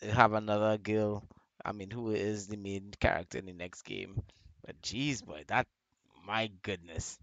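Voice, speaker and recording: A man's voice: mid-range voice, sharp tone, dry recording. A man hosting a gaming stream, chatting casually and repeating words as he hesitates. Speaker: stream host.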